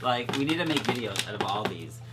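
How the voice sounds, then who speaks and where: Animated man gushing over fan mail. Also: fairly low pitch, a little fast, music in the background. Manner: excitable, bursts into exclamations. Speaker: vlog co-host. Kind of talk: casual chat while opening fan mail.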